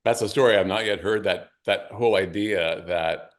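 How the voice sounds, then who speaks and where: A middle-aged man, an author and caregiver, talking things through in a halting, reflective way during an interview. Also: deep voice. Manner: reflective, halting, many restarts. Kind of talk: conversational interview.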